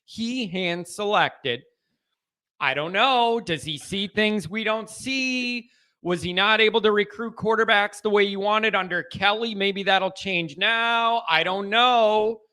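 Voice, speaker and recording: A man's voice: sits high, slow, clean tone. A man hosting a casual call-in show, talking football with callers in an emphatic, folksy way. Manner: animated, emphatic, folksy talk. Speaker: show host. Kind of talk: call-in sports chat.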